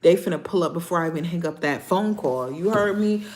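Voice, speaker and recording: Low-voiced New York woman chatting live. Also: a little fast. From Niagara Falls, New York. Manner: loud, playful, street slang, swears freely. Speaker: livestream host. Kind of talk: casual livestream chat answering viewers.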